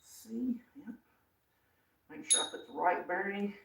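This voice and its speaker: Working on a car part in his garage, a male host runs a casual live stream, talking in a folksy manner and muttering to himself. His voice sits high and is creaky, and he's unhurried. The audio is echoey and distant, with shop noise.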